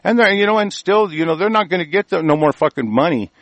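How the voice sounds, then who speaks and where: A man's voice: sits high, lively intonation, fast talker, no room sound. A man ranting on air, angry and profane, rambling with many restarts. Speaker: host reading and ranting on air.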